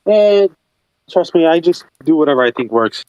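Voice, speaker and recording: Man, slightly high voice, animated casual chatter, dry close sound. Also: smooth, no echo, dull audio. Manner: animated, laughing, quick to act out voices. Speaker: channel host. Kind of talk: casual chat while working.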